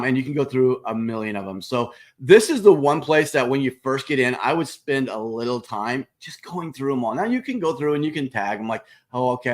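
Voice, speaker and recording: A man with a mid-range voice hosts a live screen-share tour of a piece of software. He talks straight to his viewers, casually going through every step.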